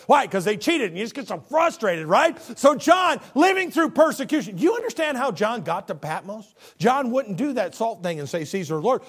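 Man, pastor delivering a folksy, dramatic sermon; high and expressive voice. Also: vocal fry. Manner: dramatic, swings from loud exclamations to hushed tones; folksy, conversational preaching.

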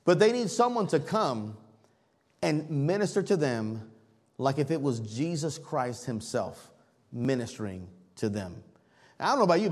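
A man preaching a sermon as pastor, telling a story in an animated way while the congregation answers back. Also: fairly high pitch.

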